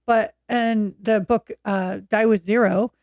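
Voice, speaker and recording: Woman, 50s, from Oregon, podcast guest; animated, candid storyteller, mid pitch, dry sound. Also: slow pace, no echo. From Oregon, USA. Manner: animated, acts out quoted voices. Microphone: video call.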